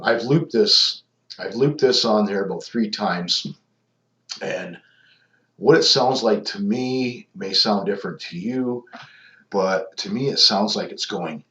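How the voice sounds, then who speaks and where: Brief: low-pitched male paranormal investigator, rambling casual narration, echoey muffled recording. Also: a bit bright. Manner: rambling, many ums and restarts. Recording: echoey, dull lo-fi sound.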